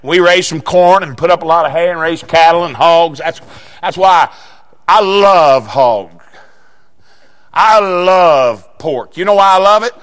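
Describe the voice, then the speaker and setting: High-voiced folksy preacher. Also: male voice, fairly quick. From southeastern Indiana. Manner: folksy storytelling with bursts of shouting. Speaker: pastor. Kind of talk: sermon.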